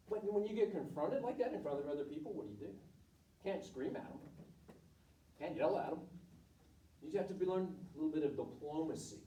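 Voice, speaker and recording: A middle-aged coach speaks bluntly and candidly to students, with stories from his career. His voice is mellow and a little high for a man. The sound is roomy and echoey, picked up from across the room. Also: animated, brisk, pauses often, far from the mic, slight background noise. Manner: candid, blunt, storytelling with acted quotes. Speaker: volleyball coach giving a talk. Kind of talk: informal presentation to students.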